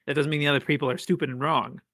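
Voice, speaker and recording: A man's voice: on the high side, steady tone, very fast, bright, forceful tone, dry recording, clean studio sound. A man co-hosting a podcast in casual chat, rambling and restarting his sentences as he agrees along. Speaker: podcast co-host.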